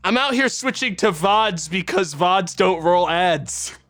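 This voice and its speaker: Bright-voiced man in a profane streamer rant. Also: sits high, expressive, a little slow. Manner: profane, exasperated ranting. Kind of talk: angry live-stream rant.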